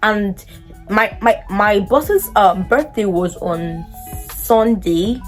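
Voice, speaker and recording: A young woman with a Nigerian English accent telling a personal story to her vlog audience, lively and acting out what people said. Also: slow, soft background music. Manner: animated, acts out quoted dialogue in a much higher voice. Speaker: vlogger. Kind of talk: casual storytelling.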